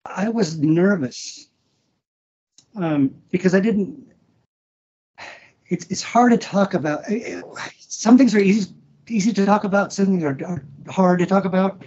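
A man talking as a podcast guest about an old friend, halting with restarts, emotional and swearing freely. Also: sits high, darkish tone, highs cut off, a little hiss or hum. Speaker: guest, former wrestler. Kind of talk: casual podcast interview.

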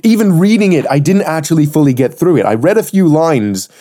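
A man co-hosting a podcast in casual chat, animated and rambling, swearing freely. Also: fairly high pitch, fairly quick. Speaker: podcast co-host.

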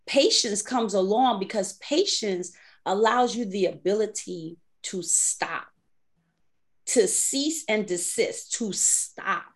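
A woman's voice: medium pitch, slow pace. A woman from the Bronx co-hosting a faith podcast, talking animatedly and acting out conversations with God. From the Bronx, New York. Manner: animated, acts out inner dialogues with God. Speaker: podcast co-host. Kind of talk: faith-based casual podcast chat.

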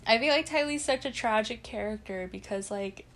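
A woman's voice: a little high, normal speed, a bit bright. A young woman co-hosting a podcast in casual chat. She talks about a show, laughs often and acts out the characters' lines. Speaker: podcast co-host.

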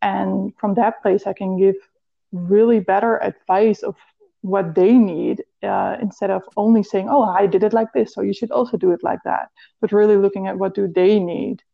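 A woman's voice: medium pitch, steady tone, normal speed, gravelly, muffled recording. A woman with a Dutch accent, a health and fitness coach, speaking earnestly in a podcast interview and now and then searching for an English word.

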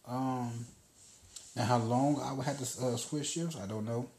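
A man's voice: medium pitch, steady tone, a little slow, darkish tone. A man hosting a podcast, telling a story in a loose, casual monologue and swearing freely. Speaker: podcast host. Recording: roomy echo.

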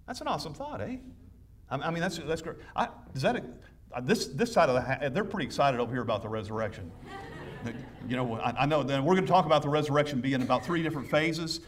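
A man's voice: a little high, lively intonation, fast talker, recorded from a distance. A man preaching a sermon as pastor, enthusiastic and conversational, with frequent restarts. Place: church sanctuary.

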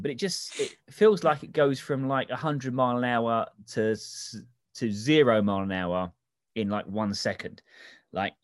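A man's voice: lowish voice, no echo. A man, co-hosting a casual film discussion and acting out scenes as he retells them. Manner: animated, acts out scenes in quoted voices. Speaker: film podcast co-host.

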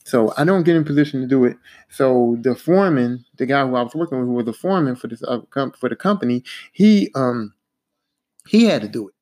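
A man's voice: medium pitch, brisk. A man hosting a podcast, telling a work story in a casual, profane, repetitive way. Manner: animated, profane, repetitive, acts out quotes in a raised voice.

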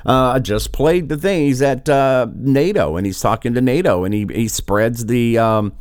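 A man's voice: medium pitch, normal speed, darkish tone, smooth, no echo, studio quality. A man giving casual political commentary, rambling and exasperated, with a sarcastic edge. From United States.

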